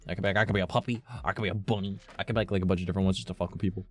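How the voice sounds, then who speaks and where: A man's voice: sits low, fairly even intonation, racing, soft background music. A man streaming and chatting casually with his viewers, rambling and cursing often, with lots of "like" in his talk. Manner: rambling, swears often, heavy use of "like". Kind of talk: casual chat with a live stream audience.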